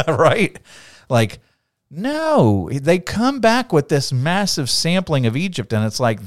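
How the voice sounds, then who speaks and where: A man talks through a Bible passage in a relaxed conversational way, often slipping into quoted voices and restarting phrases. His pitch swings widely as he talks. The sound is dry and close. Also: dry recording. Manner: animated, acts out quotes, repeats words. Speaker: podcast co-host. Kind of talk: casual Bible discussion.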